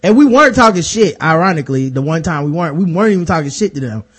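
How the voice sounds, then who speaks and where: A young man with a notably high voice tells a story in a relaxed, rambling way. He leans on fillers and acts out quick quotes in casual chat. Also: slightly rough.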